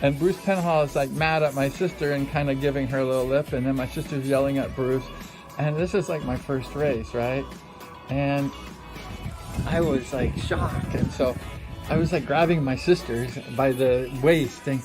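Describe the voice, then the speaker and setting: A former speedway rider in his sixties, casually telling a story from his racing days, animated and full of fillers. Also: medium pitch, normal speed. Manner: animated, acts out quotes, many fillers. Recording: music under the voice. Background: background music.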